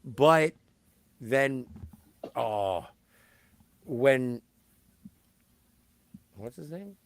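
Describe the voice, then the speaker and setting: A man co-hosting a podcast, jumping in excitedly during a casual movie chat. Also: mid-range voice, extremely slow. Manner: animated, jumps in excitedly to quote favorite lines. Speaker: podcast co-host.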